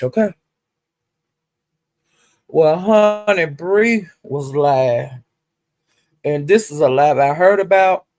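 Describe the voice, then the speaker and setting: A woman's voice: low-pitched, gravelly, darkish tone, no room sound. A woman gossiping on a casual livestream, sassy and profane, with drawling "well, honey" asides. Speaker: livestream commentator.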